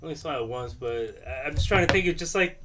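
A man's voice: fairly high pitch, animated, fast talker, background noise. A man co-hosting a podcast, chatting about movies in a loose, hesitant way full of fillers. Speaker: podcast co-host. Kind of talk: casual movie chat.

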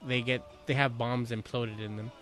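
A man in casual conversation, telling a rambling, animated story with many restarts. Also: medium pitch, moderate pace, soft background music. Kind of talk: casual chat.

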